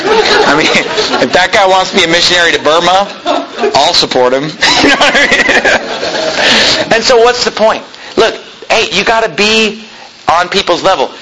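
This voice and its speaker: Bright-voiced man preaching a story. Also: sits high, a little hiss or hum, rough recording. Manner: conversational storytelling, many fillers, acts out quoted lines. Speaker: pastor. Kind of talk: sermon with a personal story.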